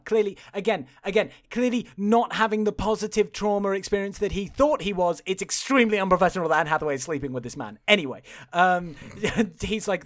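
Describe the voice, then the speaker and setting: A man's voice: sits high, moderate pace. A man co-hosting a podcast, recapping a film in casual chat, incredulous and swearing as he laughs through it. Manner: animated, incredulous, swears and laughs while retelling. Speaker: podcast co-host.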